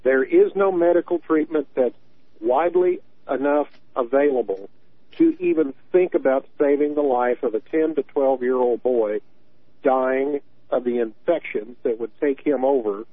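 A man's voice: medium pitch, moderate pace, dry recording. A man in his early sixties calling in to a radio show, talking earnestly and often repeating words as he makes his point. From Tennessee. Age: 60s. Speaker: caller. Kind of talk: call-in radio talk. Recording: tinny dry phone line.

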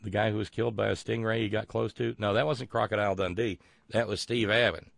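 A man hosts a live talk show and reads listener messages in a rambling, sardonic manner. His voice sits a little low and has a gravelly texture. It is recorded close and dry, with no room sound. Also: fairly even intonation, quick pace, fairly bright tone, dry recording. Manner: rambling and sardonic, with many fillers. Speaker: show host.

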